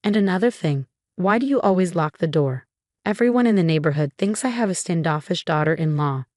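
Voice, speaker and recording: A woman's voice: fairly low pitch, lively intonation, brisk, darkish tone, no room sound, clean studio sound, close to an everyday voice. A woman reading as a snappish, bossy mother-in-law. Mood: grumbling. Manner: snappish, complaining.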